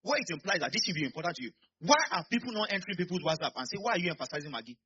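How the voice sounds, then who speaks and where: A Nigerian man preaching a sermon in church, swinging between quiet asides and sudden shouts. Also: high-pitched, lively intonation, very fast, muffled recording, slight background noise. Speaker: pastor.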